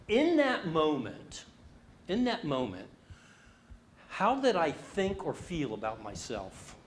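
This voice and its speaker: A man's voice: a little high, very animated, unhurried, long pauses, a little hiss or hum. A middle-aged man presenting a leadership workshop, speaking with animation and asking the audience questions. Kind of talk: interactive leadership workshop talk.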